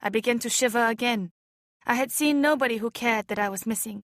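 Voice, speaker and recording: A woman narrating an audiobook in a measured, softly expressive storytelling manner. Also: fairly high pitch, no room sound, studio quality. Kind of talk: scripted narration.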